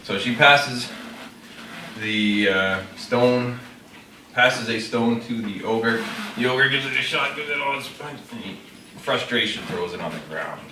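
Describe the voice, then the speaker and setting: A man's voice: medium pitch, unhurried. Man casually telling a fable. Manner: unpolished, with fillers and self-corrections. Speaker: storyteller demonstrating a classroom technique. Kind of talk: casual oral storytelling. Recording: roomy, distant mic, faint noise.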